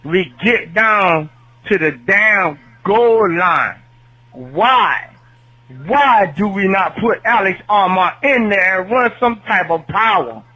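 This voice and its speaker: Annoyed dude calling in, high sharp voice, slow cussing drawl. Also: male voice, animated, breathy edge, poor audio. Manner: fed-up, cursing, slow drawl. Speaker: caller. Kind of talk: fan call-in rant.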